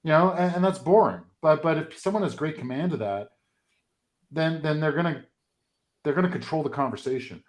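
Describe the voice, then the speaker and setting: A man's voice: a little high, a little fast. A man who is a comedian and sales coach, chatting as a guest and telling stories with plenty of ums and likes. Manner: storytelling, filler-heavy, relaxed. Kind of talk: casual conversation.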